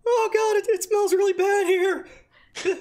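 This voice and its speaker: A man's voice: steady tone, normal speed, a little mellow. A man voicing a timid little male kobold servant who stammers nervously. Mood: disgusted. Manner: stammering, squeaky, hesitant.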